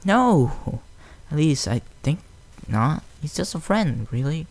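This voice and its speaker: A man voicing a timid, gentle female pegasus in a fan storybook reading, soft and pleading. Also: on the high side, big pitch swings, takes it slowly, pitched above the performer's own voice, exaggerated voice.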